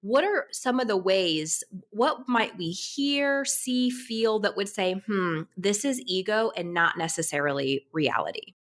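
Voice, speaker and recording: Conversational woman podcast host, mid pitch. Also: lively intonation, measured pace, hardly any pauses. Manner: conversational, asks reflective questions.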